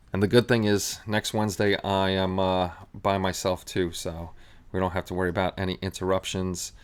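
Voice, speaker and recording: A man with a low, smooth voice hosts a live stream, chatting casually. He rambles, often restarting his sentences and leaning on fillers.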